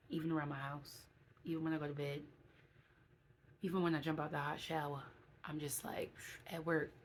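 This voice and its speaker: Woman vlogger, low voice, candid and emotional, chatty, faint background hiss. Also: low-quality recording. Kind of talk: casual vlog talk to viewers.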